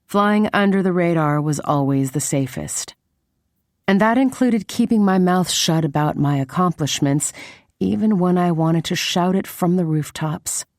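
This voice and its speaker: A woman giving intimate, measured first-person audiobook narration. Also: on the low side, a little mellow, no room sound, studio quality.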